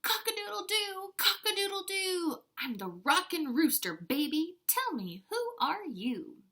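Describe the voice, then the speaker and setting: A woman's voice: very high voice, big pitch swings, measured pace, sharp tone, voice pushed up, exaggerated voice. A woman voicing a cocky farmyard rooster in a storybook read-aloud, crowing and brash.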